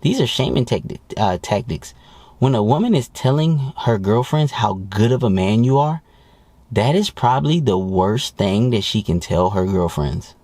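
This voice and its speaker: Blunt, animated male dating coach. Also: on the low side, moderate pace, no room sound. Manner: blunt, profane, mocking. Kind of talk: ranting advice monologue.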